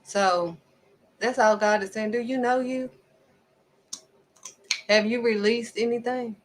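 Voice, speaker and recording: A woman giving a casual, faith-driven motivational talk, acting out quick back-and-forth exchanges and repeating pointed questions at the listener. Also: a little high, a little hiss or hum, poor audio. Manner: animated, acts out little back-and-forth exchanges. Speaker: faith vlogger.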